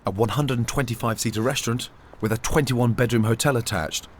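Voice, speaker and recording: A man's voice: mid-range voice, brisk, slight background noise. A man reading scripted voice-over narration in a dry, wry manner. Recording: loud music bed under narration.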